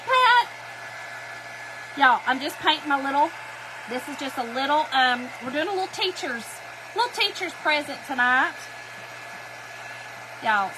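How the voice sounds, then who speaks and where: A woman's voice: sits high, noisy background. A woman, telling an emotional story in a chatty way while she crafts on a livestream, and she tears up easily.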